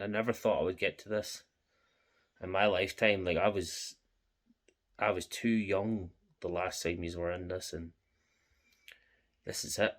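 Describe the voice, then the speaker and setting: A young Scottish man with a low voice, talking in a passionate fan reaction vlog. He speaks in a heartfelt, emotional way and keeps repeating his thanks. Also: fairly even intonation, measured pace, pauses often, a bit bright. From Scotland. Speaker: football fan vlogger.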